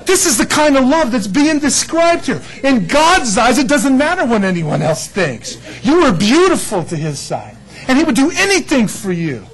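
A man's voice: extremely high pitch, big pitch swings, unhurried, a bit bright, some chatter behind, slight background noise, low-quality recording. A man preaching a sermon, telling stories with laughter and acted-out quotes. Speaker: pastor.

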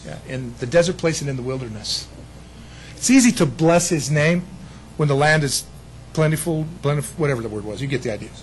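A man preaching a sermon as pastor, animated, acting out other people's voices with self-deprecating humor. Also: a little high, brisk, slight background noise, rough recording.

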